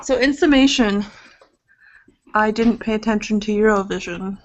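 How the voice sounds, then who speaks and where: A woman's voice: medium pitch, moderate pace. A young woman from Iowa co-hosting a podcast, chatting casually in a rambling way with casual swearing. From Iowa, United States. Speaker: podcast co-host. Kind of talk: casual chat. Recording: dull lo-fi webcam audio.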